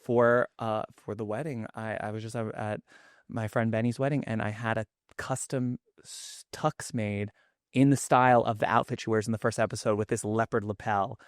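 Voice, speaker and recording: A man's voice: lowish voice, flat delivery, moderate pace, smooth, dry recording, clean studio sound. A man in his thirties with a New York Queens accent, a cookbook author chatting as a podcast guest in an effusive way. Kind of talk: casual podcast chat.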